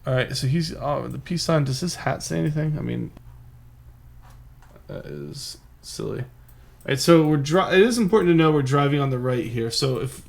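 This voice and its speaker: A man's voice: fairly high pitch, a little fast, vocal fry. A man giving live commentary on a geography guessing game, thinking aloud in a rambling, self-mocking way. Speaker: game streamer.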